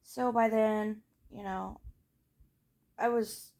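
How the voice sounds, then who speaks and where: A teenage woman casually telling her own life story, frank and rambling, with lots of fillers and swearing, often trailing off softly at the ends of thoughts. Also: mid-range voice, steady tone, slow, gravelly. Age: late teens. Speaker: vlogger.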